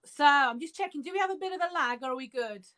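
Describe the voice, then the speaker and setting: A woman's voice: high-pitched, animated, quick pace, bright, forceful tone. A British woman hosting a live interview over a video call, chatty and bubbly, laughing often and sometimes trailing off mid-sentence. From England. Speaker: podcast host.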